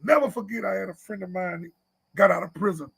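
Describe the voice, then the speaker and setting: A man preaching a sermon to a men's meeting at church, repeating his points and sometimes shouting. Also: high voice, quick pace, vocal fry, husky. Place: church live stream.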